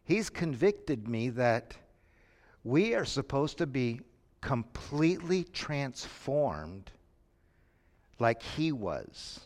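A man preaching a sermon, moving between quiet lines and sudden shouts. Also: mid-range voice, very animated, very slow. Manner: dramatic, shifts from quiet to shouting. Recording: long reverb from a hall.

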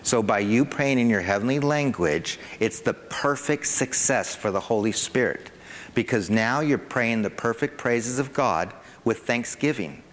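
A man preaching a sermon to a congregation, animated, with a rising pitch whenever he acts out an excited parent. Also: a little slow, a little hiss or hum. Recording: long hall reverb.

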